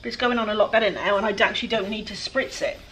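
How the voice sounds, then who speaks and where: Welsh woman, casual DIY vlogger, chatty and self-mocking, mid-range voice, clear noise behind her. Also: mid-range voice, racing, fairly bright tone, poor audio. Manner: chatty, self-deprecating, talks to viewers while working. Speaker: furniture flipper. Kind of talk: casual DIY vlog narration. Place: outdoor work area with flies.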